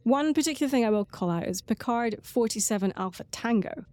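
A woman's voice: on the high side, expressive, a little fast, mellow, dry recording. A woman co-hosting a casual podcast, eagerly sharing trivia and fun facts. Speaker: podcast co-host.

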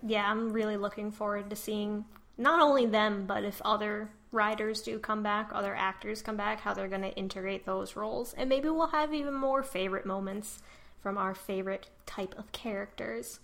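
A woman's voice: medium pitch, fairly even intonation, moderate pace, creaky, fairly bright tone. A woman hosting a casual podcast, giggly and enthusiastic as she asks questions. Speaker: podcast host. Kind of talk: casual chat.

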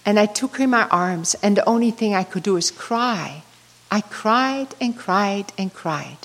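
An older woman tells a moving personal story during a devotional sermon, then softly leads the room in prayer. She speaks a little slowly at medium pitch with lively intonation, and a large hall lends long reverb.

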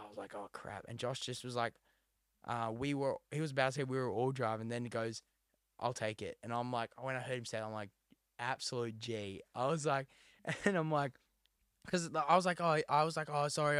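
A young man with a mid-pitched voice rambles through a story, acting out what everyone said. He co-hosts a casual talk show. The recording is close and dry. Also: fairly bright tone, no room sound. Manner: rambling, many fillers and quoted asides. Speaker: podcast co-host.

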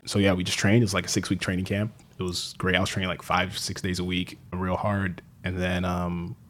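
A man's voice: sits low, monotone, fairly quick, a bit bright, a little hiss or hum. A man in casual conversation, telling stories animatedly and swearing freely, acting out what people said. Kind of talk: casual chat, storytelling.

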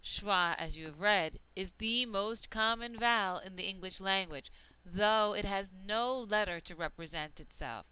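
Woman teaching pronunciation, unhurried and careful, bright crisp tone, dry close sound. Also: medium pitch, dry recording, low-quality recording. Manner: deliberate, stretches out example words. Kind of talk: slow, careful pronunciation lesson.

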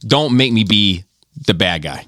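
Casual podcast man, middle-aged, low, animated delivery, rambling and profane, dry sound. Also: unhurried, no room sound. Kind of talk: casual chat.

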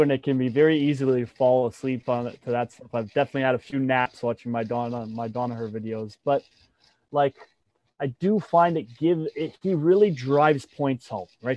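A man's voice: medium pitch, normal speed, darkish tone, no room sound. A man who competes in and teaches jiu-jitsu, talking in a casual interview with many fillers and restarts. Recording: dull, dry sound.

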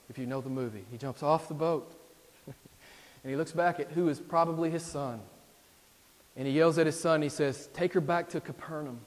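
A male pastor preaching a sermon, emphatic and repetitive, swinging between loud exhortation and hushed appeals. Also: medium pitch, a little hiss or hum. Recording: long reverb in a large hall.

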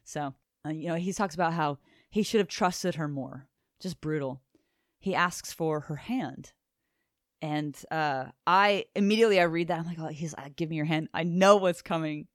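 A woman's voice: low-pitched, moderate pace, dry recording, clean studio sound. A woman co-hosting a podcast, enthusiastically recapping a comic book in casual chat and swearing now and then. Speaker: podcast co-host.

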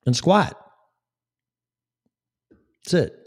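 A man's voice: medium pitch, big pitch swings, normal speed, pauses often, dark tone. A man hosting a live talk show, speaking in a blunt, sarcastic, rambling way. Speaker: podcast host. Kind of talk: casual live-show monologue.

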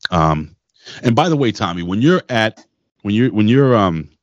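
A man's voice: lowish voice, sing-song, moderate pace, dry recording, dull audio. A man co-hosting a casual wrestling podcast, loose and profane, telling stories in a rambling way. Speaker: podcast co-host.

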